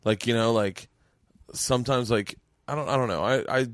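Excitable man telling stories, full of restarts. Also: medium pitch, normal speed, dry recording, clean studio sound. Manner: animated storytelling, swearing, stammering restarts. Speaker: podcast host and comedian. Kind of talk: casual chat. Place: home mancave.

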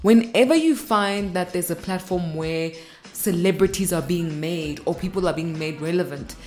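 A woman's voice: on the low side, moderate pace, darkish tone. A woman in her thirties, from South Africa, hosting a podcast in an upbeat, chatty monologue. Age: 30s. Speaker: podcast host.

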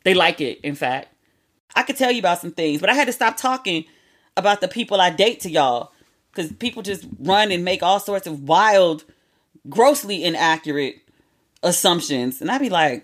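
A woman in her thirties hosting a podcast, chatting casually and telling animated stories with frequent asides. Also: lowish voice, moderate pace. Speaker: podcast host. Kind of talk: casual solo chat.

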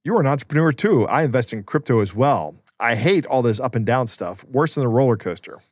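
A deadpan man teasing a scammer, as a podcast host plays him, at a middling pitch. His delivery is dry and sly. The recording is close, with no room sound. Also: fairly quick, no room sound, close to an everyday voice. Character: wry man toying with a scammer.

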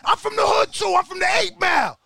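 A man voicing a cocky young male boxer who swears and shouts, raised high above his own voice. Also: vocal fry, no echo, heavily acted. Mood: cocky, furious. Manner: profane, shouting, rapid bragging.

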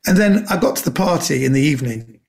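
A man telling lively anecdotes as a guest, often acting out what other people said. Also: fairly high pitch, quick pace, vocal fry. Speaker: guest comedian. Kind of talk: casual storytelling interview.

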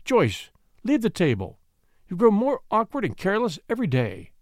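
Man playing a stern old grandmother, sharp, scolding, lively pitch. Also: moderate pace, no echo, clean studio sound.

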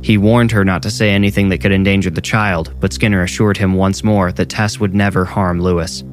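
A man narrating a horror story in a measured, suspenseful read. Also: low-pitched, fairly even intonation, soft background music.

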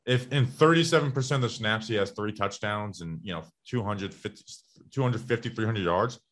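A man's voice: lowish voice, fairly quick, fairly bright tone, no echo. A man co-hosting a sports podcast, chatting casually and rambling through stats with plenty of restarts.

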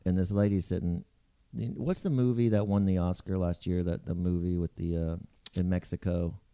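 Man, middle-aged, podcast co-host, lowish voice, casual storytelling, acts out voices. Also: moderate pace, clear, resonant tone. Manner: animated storyteller acting out voices.

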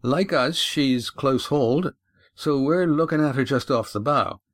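A man voicing a calm male sailor who keeps his voice carefully in control. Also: mid-range voice, a little slow, dry recording, studio quality, pitched above the performer's own voice, lightly acted. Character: calm, steady male sailor, jib hand.

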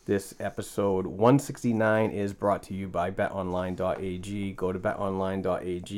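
A man's voice: lowish voice, darkish tone. A man with a New England accent hosting a casual sports podcast from a home studio, chatty and prone to restarts. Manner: loose and chatty, with repeated restarts. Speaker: podcast host.

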